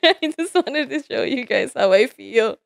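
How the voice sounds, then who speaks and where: Giggly young woman on stream, high pitched, unhurried, playful fake outrage, dry close mic. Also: expressive, vocal fry, no echo. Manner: giggly, teasing and playfully indignant. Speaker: VTuber streamer. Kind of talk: casual live-stream chat.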